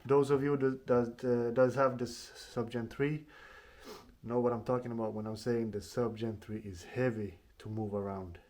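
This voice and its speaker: A man's voice: medium pitch, fairly even intonation, normal speed, a little mellow. A man doing a casual product unboxing at home in his apartment, speaking plainly and often restarting his phrases. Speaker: tech reviewer.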